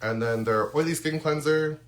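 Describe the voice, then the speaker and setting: A man's voice: on the high side, moderate pace, slight background noise. A man who is losing his voice, chatting casually through a live unboxing with lots of ums and restarts. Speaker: skincare content creator. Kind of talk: live-stream unboxing chat.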